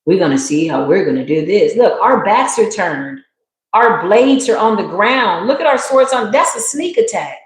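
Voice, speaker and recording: A woman hosting a live tarot reading, animated and emphatic as she points viewers to the cards. Her voice sits at a middle pitch. The room gives it a clear echo. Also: moderate pace. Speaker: tarot reader. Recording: roomy echo.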